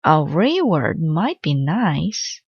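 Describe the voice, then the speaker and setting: A woman's voice: deep voice, big pitch swings, drawn-out words, husky, no room sound, heavily acted. A woman voicing a cheeky, teasing little girl in a storybook read-aloud. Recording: slightly dull dry recording.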